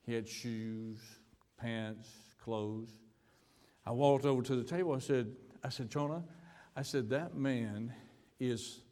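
Male American pastor, storytelling sermon voice, medium pitch, long church reverb. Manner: storytelling, repeats words, stammers on restarts. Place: church sanctuary.

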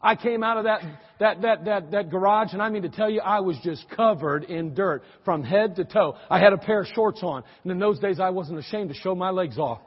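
A man with a high, husky voice preaches in a folksy, joking storytelling style and leans on repeated phrases. The sound is dull and muffled, with a long hall reverb trailing behind every line. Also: brisk, hardly any pauses. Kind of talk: sermon storytelling.

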